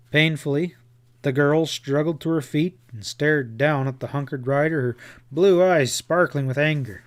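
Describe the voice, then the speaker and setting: A man narrating a western novel as an audiobook in a measured, unhurried storytelling manner. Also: fairly high pitch.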